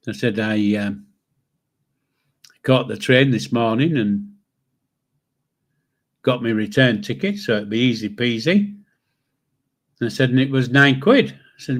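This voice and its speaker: A man's voice: medium pitch, expressive, a little slow, pauses often. A man, telling a rambling, salty anecdote on his live stream. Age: 60s. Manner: chatty, swears freely, chuckles through his stories.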